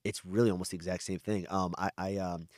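A man's voice: low voice, level tone, fast talker, a little mellow, no echo, studio quality. A middle-aged man, an adoptive father, talking candidly and rambling in a casual podcast conversation. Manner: candid, rambling, frequent restarts and swearing.

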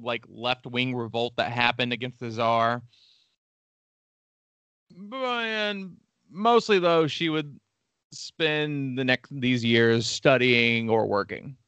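A man's voice: medium pitch, sharp tone, dry recording. A man co-hosting a casual history podcast, telling the story with irreverent jokes and profanity. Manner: irreverent, joking asides with profanity. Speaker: podcast co-host.

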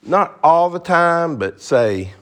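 A man's voice: fairly high pitch, sing-song, takes it slowly, a bit bright. A man teaching an interactive Bible class, joking and asking the class questions.

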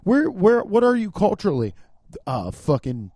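A high-voiced man from Cincinnati, in the US Midwest, rambles through a casual comedic monologue at a moderate pace. He's animated, swears freely and laughs often, with no echo on the audio.

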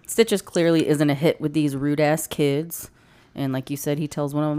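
A woman's voice: deep voice, fairly even intonation, normal speed, warm tone, smooth. A woman co-hosting a podcast, recapping a movie in blunt, sweary casual chat. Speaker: podcast co-host.

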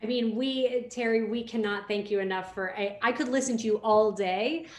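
A woman's voice: on the high side, moderate pace. A woman co-hosting a podcast interview, speaking effusively and full of praise. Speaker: podcast co-host. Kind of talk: casual interview chat. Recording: roomy echo.

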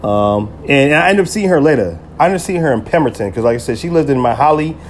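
A man tells a rambling personal story as a podcast host. He drops slang, swears freely and keeps checking in with the listener. His voice sits at an ordinary pitch, with a faint hum in the background. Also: lively intonation, fast. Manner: loose and profane, heavy slang, many "you feel me" fillers. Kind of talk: casual storytelling monologue.

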